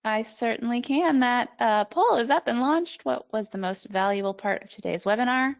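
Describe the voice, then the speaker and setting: Brisk woman moderator on a video call, fairly high voice with vocal fry. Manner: brisk, procedural announcements. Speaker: webinar moderator. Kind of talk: running a webinar.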